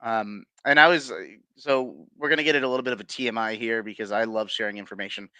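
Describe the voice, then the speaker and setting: A man's voice: lowish voice, fairly even intonation, fast, bright, forceful tone, dry recording. A man being interviewed as a paranormal investigator, telling his stories casually with many fillers, restarts and chuckles.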